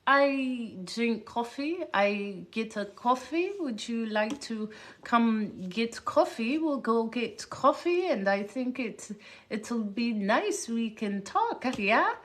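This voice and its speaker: A woman performs an Eastern European woman with a slight German twang, inviting her companion for coffee. She talks slowly and softly, a touch higher than the performer's own voice. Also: animated. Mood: friendly.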